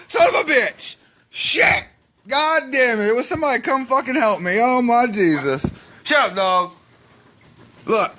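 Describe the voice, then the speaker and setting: Frightened man with a high shrieking voice. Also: a bit bright. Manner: panicky, cursing, shrieking in fright. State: sweating, frightened. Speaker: vlogger. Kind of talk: filmed personal vlog. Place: at home by a back door, outside.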